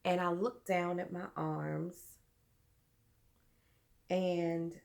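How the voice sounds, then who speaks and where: A young adult woman vlogger earnestly telling a personal story, halting and full of fillers. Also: lowish voice, steady tone, gravelly, a little mellow.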